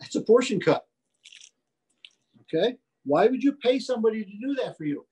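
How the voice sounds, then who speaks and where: A man's voice: high-pitched, big pitch swings, normal speed, mellow, low-quality recording. A man giving a live butchery demonstration, folksy and repetitive, punching key points and checking in with "okay?". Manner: folksy, repeats himself, asks "okay?" often. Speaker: butcher instructor.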